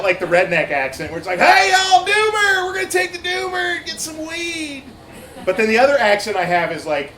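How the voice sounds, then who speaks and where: A man with a fairly high voice rambles through a stand-up set at a bar's open mic, stumbling over fillers and restarting his sentences. His voice bounces around an echoey room, with clear bar noise behind him. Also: fairly bright tone. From Ohio, USA. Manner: loose, rambling delivery with many fillers and restarts.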